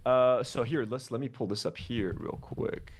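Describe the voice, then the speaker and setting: A man's voice: mid-range voice, normal speed, a little hiss or hum. A man co-hosting a livestream, reacting in casual chat with lots of fillers and swearing. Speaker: livestream co-host.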